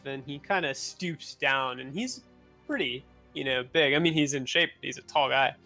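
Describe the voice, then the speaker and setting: A man narrating as game master of a tabletop game in a relaxed, rambling way. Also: medium pitch, normal speed, faint music behind. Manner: relaxed, rambling, with filler words.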